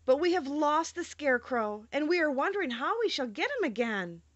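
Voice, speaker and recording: A woman voicing an eager, earnest little girl in an audiobook, speaking up brightly and politely. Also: sits high, very animated, fairly quick, no echo, dull audio, voice pushed up. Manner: eager, raised voice. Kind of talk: audiobook character reading.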